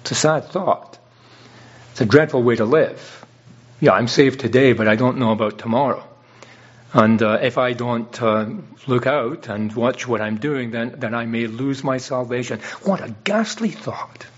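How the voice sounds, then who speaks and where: A man's voice: mid-range voice, steady tone, normal speed, dull audio. A man preaching a sermon in an earnest, explanatory way, often restarting his phrases. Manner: earnest, illustrative, with frequent restarts.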